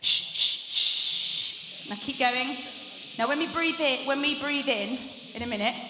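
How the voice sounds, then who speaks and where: A young female vocal coach with a voice that sits high teaches a live masterclass at a moderate pace. Chatty and encouraging, she laughs often as she demonstrates exercises. The large conference hall is echoey with long reverb, and background noise can be heard.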